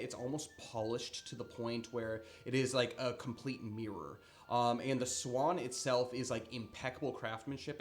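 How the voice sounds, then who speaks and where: Man, game master, casual narration, middling pitch, faint music behind. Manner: casual, filler-heavy narration.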